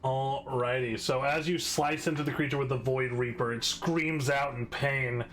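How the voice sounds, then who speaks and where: A man in the game master's chair, narrating combat in a steady, mid-pitched voice. He moves briskly through rolls, damage and rules, plain and businesslike. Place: home setup, online live stream.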